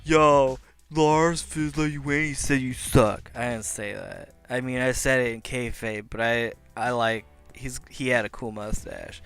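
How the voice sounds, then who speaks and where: A man giving casual, joking commentary on his game, brash and hyped-up, now and then shouting. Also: mid-range voice, gravelly. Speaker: Pokémon league player and video commentator.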